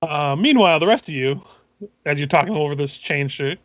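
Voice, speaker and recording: A man serving as game master who narrates a tabletop game, describing scenes in a halting, methodical way. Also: a little high, lively intonation, fairly bright tone, no echo, lo-fi sound.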